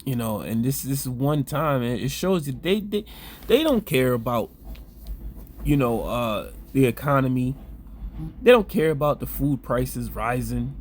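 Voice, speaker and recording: A man's voice: mid-range voice, lively intonation, measured pace, a little mellow, a little hiss or hum. A man ranting in commentary style, breaking into scripture reading now and then. He rambles, restarts his sentences and leans on fillers. His tone is crude and preachy. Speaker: online commentator.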